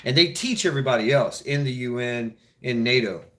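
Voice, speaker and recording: A male show host with a medium-pitched voice talks fairly quickly in loose, profane, rambling casual chat. He laughs at his own jokes and imitates others in mock voices.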